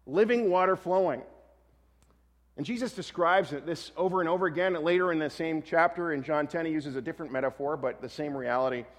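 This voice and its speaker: A pastor giving a sermon in a relaxed, conversational way, often correcting himself and adding light humor. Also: male voice, on the high side, a little fast, in a large hall.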